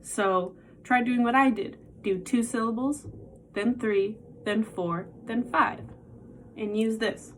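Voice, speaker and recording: A woman's voice: a little high, takes it slowly, a little hiss or hum. A woman giving a casual songwriting lesson, patiently explaining and counting beats aloud, with guitar playing behind her. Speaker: music teacher.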